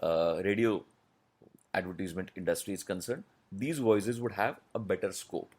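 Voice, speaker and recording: A man, a voice artist answering interview questions in a measured, explanatory way with many pauses. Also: low voice, a little mellow, husky. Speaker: voice artist guest.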